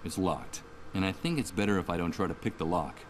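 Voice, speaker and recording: Voicing a wry, sardonic, troubled male protagonist in a video game, a man muses aloud in inner monologue over game music. His low voice sounds close to everyday speech, moves a little fast, and carries slight background noise.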